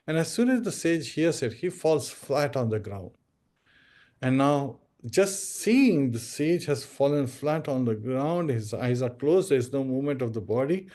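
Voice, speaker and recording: A man's voice: mid-range voice, lively intonation, a little slow, warm tone. A man giving a devotional discourse, telling a story and addressing listeners as devotees. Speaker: spiritual speaker.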